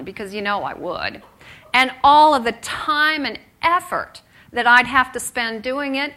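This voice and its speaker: A man's voice: extremely high pitch, pushed and bright, heavily acted. A woman playing a laid-back Texan man with a drawling, folksy Texas accent, as a quote inside her talk.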